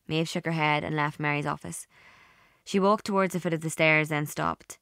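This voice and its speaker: Measured woman narrating. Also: low-pitched, fairly even intonation, creaky, a bit bright, no echo, clean studio sound. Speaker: audiobook narrator. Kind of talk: scripted narration.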